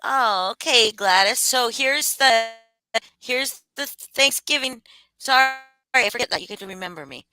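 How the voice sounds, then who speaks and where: A woman's voice: fairly high pitch, expressive, a little slow, pushed and bright, no room sound, poor audio. A woman hosting a casual livestream chat, swearing freely and laughing often. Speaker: livestream host.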